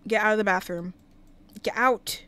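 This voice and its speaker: A woman's voice: medium pitch, moderate pace, a bit bright, smooth. A woman casually commenting while livestreaming a life-sim game, talking to the characters and thanking viewers. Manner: chatty, talks to game characters and chat.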